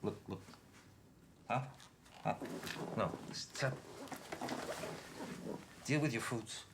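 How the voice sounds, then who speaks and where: A man's voice: medium pitch, extremely slow, background noise. An actor playing a boastful, crude male tycoon with a New York accent who talks bossily and brags about himself. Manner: boastful, bossy, crude asides.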